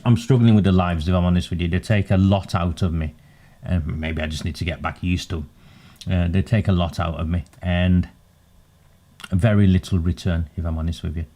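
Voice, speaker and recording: A man's voice: deep voice, dark tone. A man hosting a political commentary livestream, earnest and pointed with wry asides.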